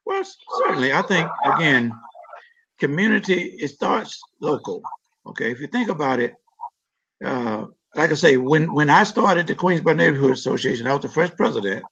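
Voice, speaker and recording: A man's voice: on the high side, lively intonation, moderate pace, fairly bright tone, slightly rough. A man, a city council member, giving earnest, emphatic interview answers and often repeating words as he builds a point. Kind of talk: interview answers about community issues. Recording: dull lo-fi live-stream audio.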